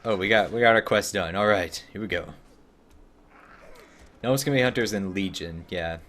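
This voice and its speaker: A relaxed man talks casually through a game on a live stream, answering viewer chat as he plays. His voice sits fairly low. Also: moderate pace.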